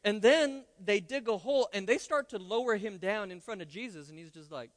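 High-voiced pastor preaching in a reverberant hall. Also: male voice, brisk. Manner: lively, conversational preaching with playful asides. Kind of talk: sermon. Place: church sanctuary. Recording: long church hall reverb.

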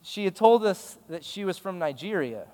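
A man's voice: high-pitched, big pitch swings, moderate pace, mellow, big-room sound. A male pastor giving a sermon, telling a story in a conversational, emphatic way.

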